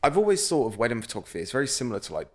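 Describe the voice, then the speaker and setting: A man's voice: mid-range voice, very animated, very fast, darkish tone. A man hosting a casual podcast interview, friendly and agreeable, often laughing and chiming in. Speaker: podcast host.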